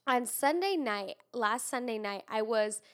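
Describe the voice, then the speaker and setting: Young woman, kinda high voice, stuffy nasal sound, rambly chatty, says like a lot. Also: lively intonation, a little slow. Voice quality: congested, nasal. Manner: chatty, swears freely, lots of "like". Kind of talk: casual chat.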